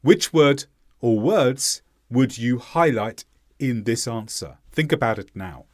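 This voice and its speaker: A man teaching English pronunciation in a scripted lesson, speaking slowly and deliberately with heavy stress on key words. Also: mid-range voice, animated, dry recording, clean studio sound.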